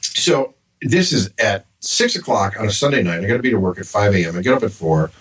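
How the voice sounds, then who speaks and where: An older man, a grandfather appearing as a podcast guest, tells a long, exasperated story in casual chat. His voice is fairly low, with lively intonation and a slightly quick pace. The mic sounds somewhat distant, with faint background noise.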